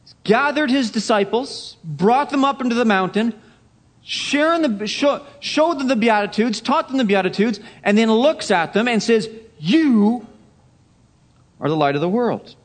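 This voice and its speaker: Emphatic high-voiced male preacher. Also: normal speed. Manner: emphatic, repeats key phrases, swings from loud to hushed. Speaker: pastor. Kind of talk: sermon.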